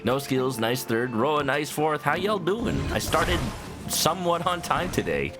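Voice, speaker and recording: A man's voice: on the high side, animated, a little slow. A man casually commenting while streaming a video game, playful and joking, rambling with little stammers, with game music behind him.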